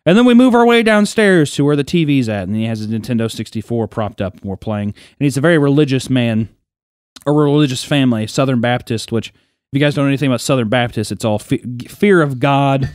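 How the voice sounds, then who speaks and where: This podcast co-host, a young man, relates a childhood tale in animated, foul-mouthed banter and imitates the people he mentions. His medium-pitched voice has a clean tone and a slightly fast pace, captured in a dry recording with clean studio sound.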